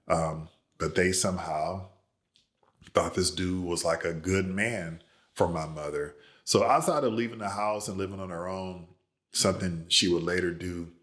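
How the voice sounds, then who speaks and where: A man, an author, casually telling a family story in a relaxed, conversational way. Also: low-pitched, normal speed.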